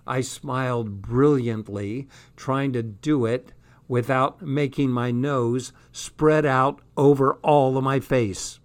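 Slow, dry-voiced male narrator. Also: mid-range voice, fairly even intonation. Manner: dry, sardonic delivery. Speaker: audiobook reader. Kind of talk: comic first-person diary narration.

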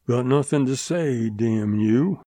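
A man voicing a battered young male gunman in his twenties, held captive, hoarse and desperate, cursing his captors in a western audiobook. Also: medium pitch, slow, warm tone, no echo, clean studio sound, lightly acted. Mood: defiant. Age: 20s. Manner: desperate, defiant, spitting curses.

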